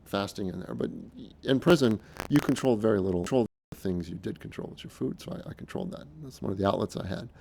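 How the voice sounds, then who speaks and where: An earnest middle-aged man speaking off the cuff in a lowish, gravelly voice. He talks in a halting way, circling back and restarting his phrases as he goes. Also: dark tone. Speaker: speaker recounting his experiences. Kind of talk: casual unscripted monologue.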